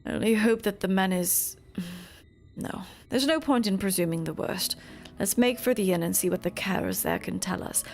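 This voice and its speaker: A woman's voice: medium pitch, normal speed, gravelly, darkish tone, slight background noise, natural voice. Woman voicing a grave male adventurer. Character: faintly piratey adult male adventurer companion.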